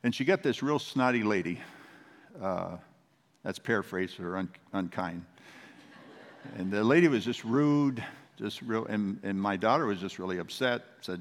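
A man's voice: on the low side, moderate pace, in a large hall. A man, a pastor, preaching a sermon in a conversational, storytelling manner.

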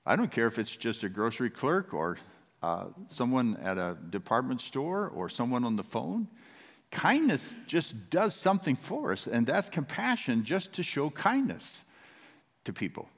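A man's voice: medium pitch, very animated, measured pace, in a large hall. A man, a pastor, preaching a sermon in a conversational, storytelling manner.

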